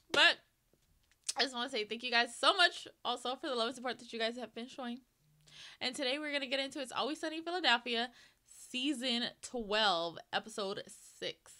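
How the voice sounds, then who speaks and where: A woman's voice: fairly high pitch, sharp tone, clean tone. A young adult woman hosting a reaction channel, chatting casually and talking straight to her viewers. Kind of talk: casual reaction vlog chat.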